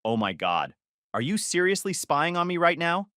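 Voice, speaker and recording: A man's voice: high voice, sing-song, moderate pace, fairly bright tone, no echo, clean studio sound, pitched above the performer's own voice, full character voice. A man quoting a manipulative young woman. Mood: defensive.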